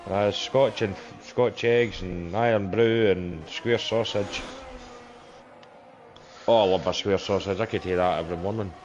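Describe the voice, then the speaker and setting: A man's voice: low voice, measured pace, a little mellow, highs cut off, slight background noise. A Scottish man chatting and joking about himself on a racing stream. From Scotland. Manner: jokey, self-mocking. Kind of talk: casual chat.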